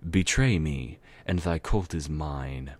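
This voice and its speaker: A man voicing a cruel female death spirit in the form of a mare, speaking slowly and solemnly in archaic words in a storybook reading. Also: rumbling low, exaggerated voice. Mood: cold menacing. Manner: slow, solemn, archaic speech.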